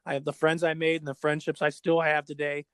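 A middle-aged man, a former pro skateboarder, telling stories in casual chat, animated and repeating words as he goes. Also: a little high, brisk, clean tone, no echo. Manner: animated, acts out quoted dialogue, repeats words.

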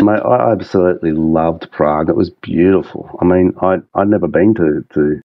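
An Australian man rambling through a casual chat, halting often and restarting his sentences. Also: sits low, dry recording, phone-quality sound.

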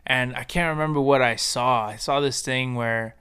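A man's voice: medium pitch, normal speed, pushed and bright, clean tone. A young adult man hosting a podcast, telling a personal story in a profane, slangy, rambling way, with many restarts. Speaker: podcast host. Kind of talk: casual personal storytelling monologue.

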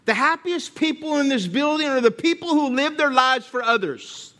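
A high-voiced man preaches a sermon in church. He calls out to the congregation as he makes his points. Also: animated, moderate pace, hardly any pauses, pushed and bright.

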